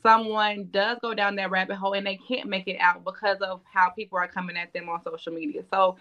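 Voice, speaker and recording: Woman, bright tense voice, earnest, cautioning, reality show cast member. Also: mid-range voice, flat delivery, a little fast, muffled recording. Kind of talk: casual chat.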